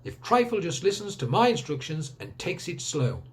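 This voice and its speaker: A man's voice: on the high side, sing-song, moderate pace, voice pushed up. A man voicing an elderly grandfather who gives orders like a wartime officer. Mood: commanding. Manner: commanding, rallying, mock-military. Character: old man, bossy wartime commander type.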